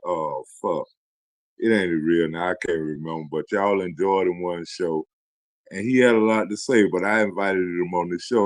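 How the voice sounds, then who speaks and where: Deep-voiced male guest, rambling and profane, dry close sound. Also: no echo. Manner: loose, profane, repeats himself, laughs often. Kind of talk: casual rambling chat.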